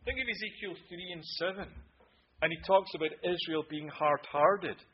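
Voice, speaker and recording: Male preacher, raised pitch, husky tone; fervent sermon delivery that swings from loud to hushed, on a dull, muffled recording. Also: moderate pace. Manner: emphatic, swings between loud declarations and hushed asides.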